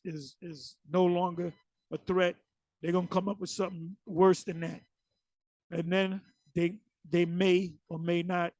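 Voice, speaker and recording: A man's voice: high voice, creaky, a little mellow, breathy edge, no echo. A man leading an informal scripture study, reading verses aloud and then rambling into loose commentary with frequent restarts. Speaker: Bible teacher.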